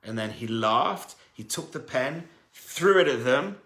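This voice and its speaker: A man, a rabbi, telling a story as a sermon, animated and acting out the voices of the people in it. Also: medium pitch, unhurried, roomy sound.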